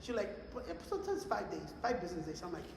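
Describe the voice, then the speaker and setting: Quick-paced and high-pitched with some vocal fry, a young man co-hosting a casual podcast tells animated, profane stories in English laced with Spanish slang. The echoey room adds long reverb, along with a little hiss or hum.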